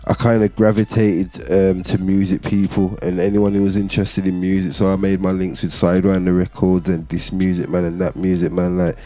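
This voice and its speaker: Mellow-voiced man hosting a casual chat. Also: low-pitched, little pitch movement, fairly quick, few pauses. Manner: supportive, with constant "yeah, yeah" backchannels. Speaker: podcast host.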